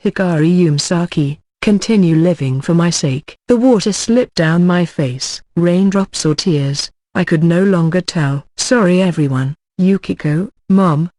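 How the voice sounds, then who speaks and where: An audiobook narrated by a synthetic voice at a middle pitch. Its reading stays even throughout and trips over names and stray punctuation. The sound is dry and close, with no room tone. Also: unhurried, hardly any pauses, dry recording. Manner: even machine reading that stumbles on names and reads punctuation aloud.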